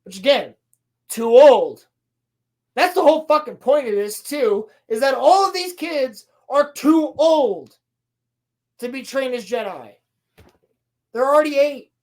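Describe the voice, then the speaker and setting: A woman on a podcast, casually recapping a show with sarcasm and a lot of swearing, slipping into quick playful voices for quoted lines. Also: sits high, animated, a little mellow. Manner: sarcastic, profane, mocking. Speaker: podcast co-host reviewing a TV show. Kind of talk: casual chat.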